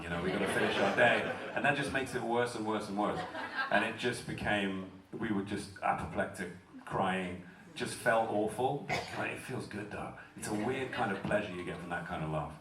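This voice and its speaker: British male panel guest, lowish voice, loose and swearing, far-off echoey hall recording. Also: noisy background. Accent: British English. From Britain. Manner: chatty, swears casually, self-deprecating. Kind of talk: convention Q&A, casual storytelling. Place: large convention hall.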